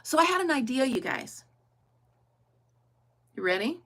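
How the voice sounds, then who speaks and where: Chatty middle-aged woman, fairly high voice, casual crafting livestream host who laughs a lot. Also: very animated, measured pace, fairly bright tone. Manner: chatty, laughing often, thinking aloud. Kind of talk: casual chat while crafting.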